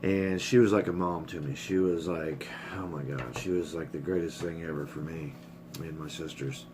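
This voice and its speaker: A man's voice: very deep voice, steady tone, normal speed, noisy background. A middle-aged man rambling candidly in a casual personal vlog, swearing freely and getting choked up. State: emotional, choked up. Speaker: vlogger.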